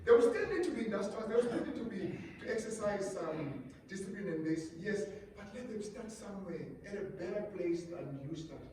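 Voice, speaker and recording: A South African man with an isiXhosa-speaking accent, preaching to couples at a retreat in an animated way, often repeating his words. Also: high voice, fairly quick, hardly any pauses, a little hiss or hum. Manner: animated, repeats words, mimics a parent calming a child. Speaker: pastor. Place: conference room at a resort. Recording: roomy hall, voice from far off.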